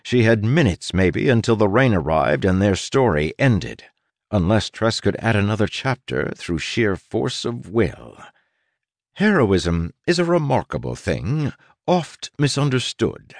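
A man narrating an audiobook in a wry manner, with dramatic pauses and stretched emphasis. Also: fairly low pitch, big pitch swings, no echo, studio quality. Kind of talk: scripted narration.

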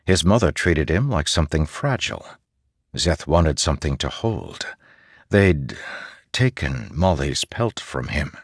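A man narrating a fantasy story in a measured, expressive way. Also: very deep voice, breathy edge, no echo, clean studio sound. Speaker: audiobook narrator.

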